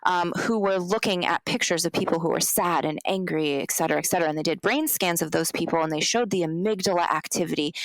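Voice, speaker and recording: Woman, coach, earnest, chatty, lots of ums and likes, mid pitch, dry close mic. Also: dry recording, poor audio. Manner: earnest, repeats words, many ums and likes. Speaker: wellness coach and podcast guest. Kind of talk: casual explanatory talk.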